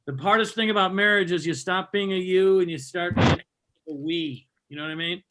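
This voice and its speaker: A man's voice: high voice, a little fast, noisy background. A man co-hosting a comedy stream, telling a ranting story about marriage. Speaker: comedy show co-host. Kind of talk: stand-up style anecdote.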